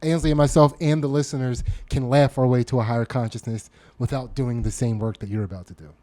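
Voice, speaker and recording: A man's voice: mid-range voice, fairly even intonation, fast, dark tone. A man co-hosting a podcast in casual chat, playful and teasing with puns. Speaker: podcast co-host.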